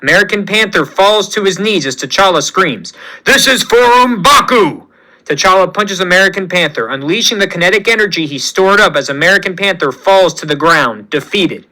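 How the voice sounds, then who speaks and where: A man narrating a fan-written superhero story. His voice sits a bit high and sounds very bright, with a plain, steady storytelling delivery. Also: fairly quick, few pauses, low-quality recording. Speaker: fan-fiction reader.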